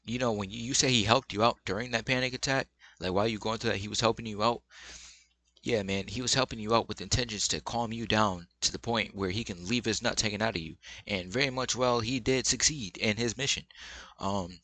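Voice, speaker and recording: Young guy ranting advice, bright punchy voice, slangy and blunt. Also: on the low side, fairly quick. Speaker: advice commentator. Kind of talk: casual reaction commentary.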